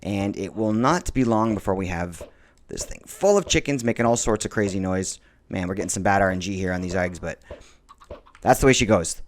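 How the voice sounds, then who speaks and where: A man's voice: low-pitched, lively intonation, a little fast. Chatty man narrating his gameplay. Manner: chatty, rambling with frequent fillers and restarts. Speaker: Minecraft let's-play host. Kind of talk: casual gameplay commentary.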